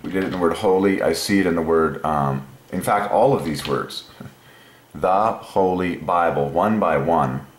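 A man hosting a channel, explaining an idea while thinking aloud, meandering and pausing often with fillers. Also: sits low, roomy sound. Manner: musing, meandering, with many fillers. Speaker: channel host.

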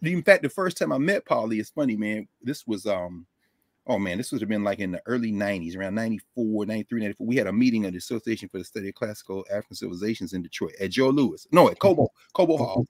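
A man guest on a live video call, telling stories in a casual, animated way, laughing often. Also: lowish voice, fast talker, dry recording, studio quality. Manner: animated, loose, laughs often, drops into quoted voices. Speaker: guest scholar. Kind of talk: casual conversational storytelling. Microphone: desk microphone on a video call.

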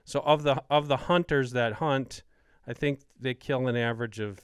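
A man's voice: medium pitch, moderate pace, clean tone, no room sound, studio quality. A man with a Wisconsin accent hosting a podcast, asking questions keenly and citing numbers. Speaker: podcast host. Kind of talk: casual interview talk.

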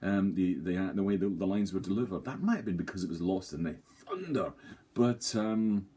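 Husky, low man rambling. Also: expressive, brisk, warm tone. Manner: rambling, self-deprecating, jokey, many fillers. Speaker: theatre reviewer. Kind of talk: casual to-camera review.

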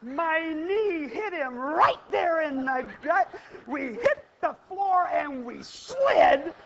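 Brief: lively woman keynote speaker telling a funny stage story, swooping pitch, muffled lo-fi recording. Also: takes it slowly, noisy background. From Iowa, USA. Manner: animated, playful, theatrical. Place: stage before a live audience.

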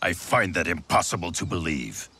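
An actor playing a stern male warrior leader in a video game cutscene, with a deep, raspy voice and a grave, distrustful manner. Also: lively intonation, normal speed, sharp tone, slight background noise, full character voice.

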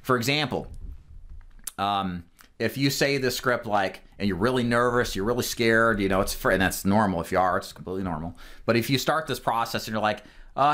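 A man's voice: fairly low pitch, normal speed, fairly bright tone. A man coaching a group of insurance agents in an instructional talk, speaking in a direct, emphatic way with plenty of fillers. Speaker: insurance sales trainer.

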